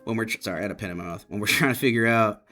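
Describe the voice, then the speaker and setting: A man's voice: lowish voice, racing, pushed and bright, faint music behind. A man teaching math, patiently explaining and repeating key points to his students. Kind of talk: classroom lesson explanation.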